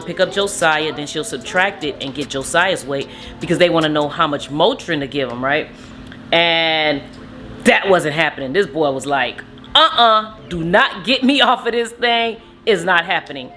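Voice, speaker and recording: A young mother casually telling a story to her viewers, animated and acting out what people said. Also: deep voice. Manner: animated retelling, acts out quotes. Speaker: vlogger, mother.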